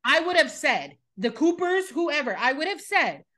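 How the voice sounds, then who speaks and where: Animated, blunt woman podcast host. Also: high voice, moderate pace. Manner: blunt, animated, swears freely. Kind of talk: casual recap chat.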